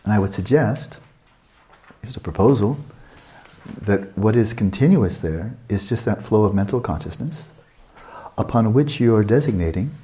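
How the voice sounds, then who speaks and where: A man in his sixties teaching a meditation retreat, talking calmly and reflectively and asking many searching questions. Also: fairly low pitch. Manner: calm, reflective, asks many rhetorical questions.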